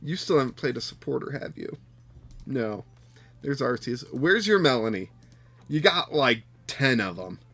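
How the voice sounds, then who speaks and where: Male card game streamer, unhurried delivery, mid-pitched, mock outrage between quiet muttering, light music behind. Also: animated. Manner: exasperated, talks to his opponent, swings from loud outbursts to muttered counting. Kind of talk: live gameplay commentary.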